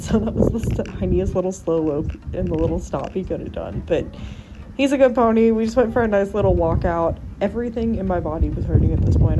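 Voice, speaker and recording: A woman's voice: medium pitch, expressive, brisk. A woman narrating her horse-riding vlog in a chatty, self-deprecating voice-over. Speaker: horse vlogger. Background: music.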